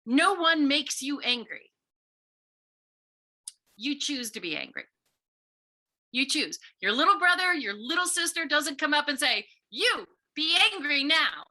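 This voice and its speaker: A woman's voice: high-pitched, lively intonation, measured pace, long pauses, sharp tone. A middle-aged woman author giving an earnest, storytelling talk to schoolchildren, sometimes acting out quoted voices. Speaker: visiting author speaking to students.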